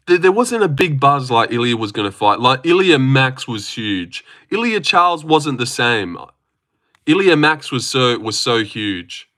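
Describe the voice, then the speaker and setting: A man's voice: medium pitch, sharp tone. A young man rambling casually on a live stream, reading chat aloud and teasing viewers. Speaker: livestreamer.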